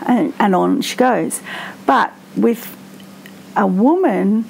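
Slow, gravelly woman commentating. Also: a little high, lively intonation, darkish tone, rough recording. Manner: slow, reflective, with frequent restarts. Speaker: true crime commentator. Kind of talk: casual commentary to camera.

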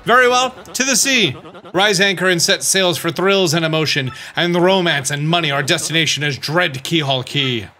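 A man's voice: a little high, normal speed, sharp tone, soft background music. A man voicing a pompous, cowardly rich male merchant, speaking in a theatrical, grandiose, fussy way.

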